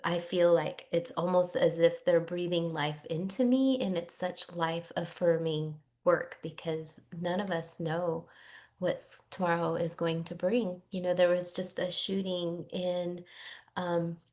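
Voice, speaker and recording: A woman's voice: lowish voice, steady tone, a little slow, darkish tone. A woman hosting an online talk, speaking reflectively and emotionally with many fillers. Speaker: host. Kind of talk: conversational wrap-up.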